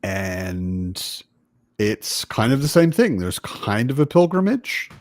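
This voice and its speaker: Low-voiced man hosting a book chat. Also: sing-song, slow pace, darkish tone, no room sound, studio quality. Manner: rambling, self-correcting, chatty. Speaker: livestream host. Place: home in Berlin.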